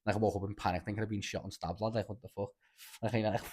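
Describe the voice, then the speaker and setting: A young man with a thick Scouse accent spins a rambling tale on a casual podcast. He talks very fast in a low voice, piling on slang and swearing as he goes. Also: breathy edge. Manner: rambling, animated storytelling with lots of slang and swearing. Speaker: podcast host. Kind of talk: casual chat.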